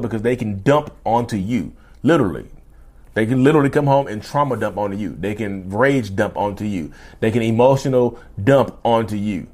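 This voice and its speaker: A man hosting his own podcast in a casual, animated solo monologue, often repeating and restarting himself as he goes. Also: medium pitch. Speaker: podcast host.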